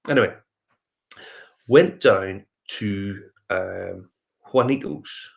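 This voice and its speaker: A man's voice: on the low side, drawn-out words, gravelly. A Northern Irish man hosting a whiskey review show, telling a rambling anecdote in casual chat, full of fillers and restarts. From Northern Ireland.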